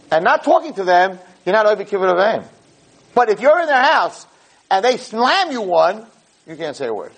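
Lively husky-voiced man teaching. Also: a little high. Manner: animated, repeats words as he builds a point; acts out parents and kids in quick asides. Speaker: Torah lecturer. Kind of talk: podcast Torah class.

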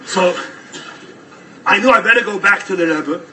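A man telling a story as a sermon, animated and rising to fervent preaching. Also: high-pitched, moderate pace, distant mic, noisy background.

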